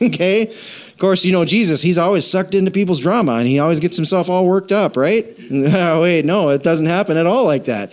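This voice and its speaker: Preacher, male, animated and conversational, pitch leaping up and down, quizzes his church. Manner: animated, jokey, asks the congregation questions. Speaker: pastor. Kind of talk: sermon.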